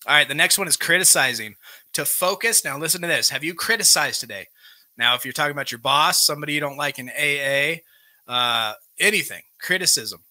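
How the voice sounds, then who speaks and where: A man leads a live recovery group. His voice is bright and forceful, sitting a little high. He speaks plainly, reading each item from a workbook and then explaining it. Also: lively intonation, a little fast. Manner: plain-spoken, reads defects from a workbook and explains them. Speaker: recovery meeting host. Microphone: live stream microphone.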